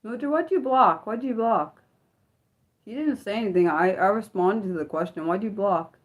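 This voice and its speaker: A woman's voice: medium pitch, normal speed. A young woman hosting an unscripted livestream, chatting in a rambling way with lots of filler words. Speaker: livestream host.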